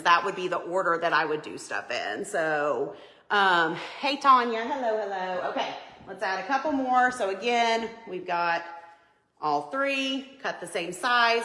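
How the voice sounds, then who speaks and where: Lady chatting thru a live craft demo, bright tone, roomy echo. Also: mid-range voice, expressive, measured pace. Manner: chatty and upbeat, greets viewers by name. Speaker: home decor livestream host. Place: home living room by a Christmas tree.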